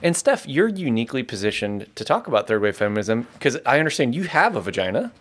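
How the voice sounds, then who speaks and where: A man's voice: medium pitch, very animated, fast. A man co-hosting a podcast in casual chat, making dry jokes. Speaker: podcast co-host.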